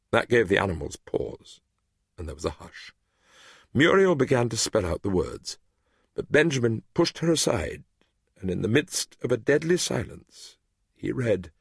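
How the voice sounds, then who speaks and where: Man narrating a story, kinda husky, lots of up and down in his voice, dry close mic. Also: medium pitch, no room sound. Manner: expressive, measured narration. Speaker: audiobook narrator. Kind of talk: storybook reading.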